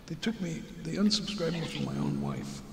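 A man's voice: fairly high pitch, huge pitch swings, normal speed. A man chatting casually as a guest on a live stream, easygoing and repeating his words. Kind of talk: casual chat. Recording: echoey room with crowd noise.

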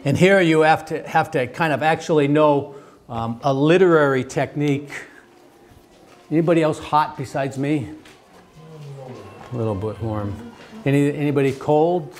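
Halting man lecturing a class. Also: on the high side. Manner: halting, many restarts and fillers, asks class questions. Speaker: theology teacher.

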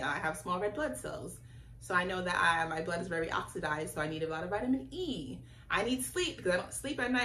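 A woman's voice: medium pitch, sharp tone. A woman talking to camera in a casual, rambling monologue, often correcting herself. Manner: rambling, chatty, self-correcting. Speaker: spiritual vlogger. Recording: roomy echo, faint background hiss.

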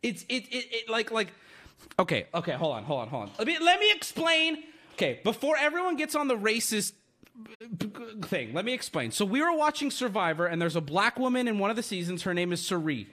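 On a live stream, a man with a high voice chats casually with his audience at a brisk clip. He rambles excitably and swears a lot.

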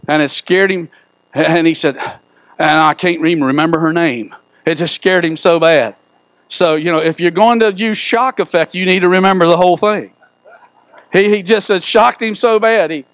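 A man's voice: high voice, moderate pace, fairly bright tone, no room sound. A middle-aged man preaching a sermon in a church, folksy and joking as he tells stories. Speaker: pastor. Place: church sanctuary.

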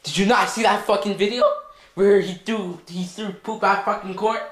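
A man's voice: high voice, steady tone, normal speed, fairly bright tone. A man playing a volatile, troubled young man who swears constantly and rants, repeating himself, in a comedy skit, recorded in an echoey room. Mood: bitter.

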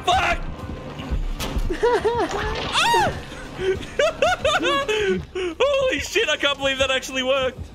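Loud, foul-mouthed male streamer with a high, animated voice; music heard behind. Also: very slow, long pauses. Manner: loud, shouting and swearing at the game. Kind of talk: live gameplay commentary. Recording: game music playing behind.

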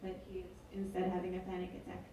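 A woman's voice: lowish voice, completely flat delivery, fast, dark tone, distant mic, a little hiss or hum. A woman author reading her book aloud at an event, with wry, chatty asides. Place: event hall. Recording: echoey hall, mic from afar.

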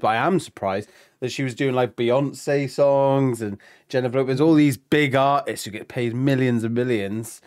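British male reaction co-host, mid-pitched, blunt and sweary, dry close sound. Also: a little mellow, no echo. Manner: blunt, chatty, swears freely. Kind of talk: casual reaction chat.

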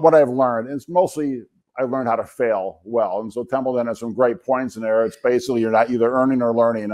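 Man, 60s, guest speaker, humorous storytelling, self-deprecating, mid-pitched. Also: darkish tone. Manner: self-deprecating, anecdotal, joking asides. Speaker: guest speaker, physician and entrepreneur.

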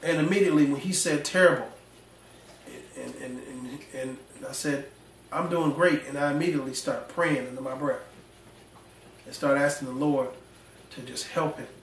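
Echoey, animated preaching man, heard from afar. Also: medium pitch, moderate pace. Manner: folksy, animated preaching with slang and call-and-response. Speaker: pastor. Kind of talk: sermon. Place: church sanctuary. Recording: echoey church room, mic at a distance.

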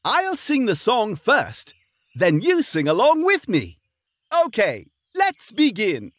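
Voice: medium pitch, huge pitch swings, slow pace, fairly bright tone, heavily acted. A performer voicing a friendly frog song leader who teaches a children's sing-along. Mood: cheery. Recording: guitar music behind.

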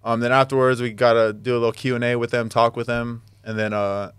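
Brief: easygoing male athlete, even and smooth-toned. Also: mid-range voice, fairly quick, no echo. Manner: laid-back, says "like" a lot. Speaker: basketball player guest. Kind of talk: casual interview.

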